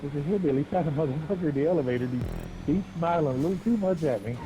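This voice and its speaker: A man's voice: fairly high pitch, racing, noisy background. A man streaming a racing game, telling crude stories in a rambling, laughing way. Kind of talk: casual storytelling while gaming.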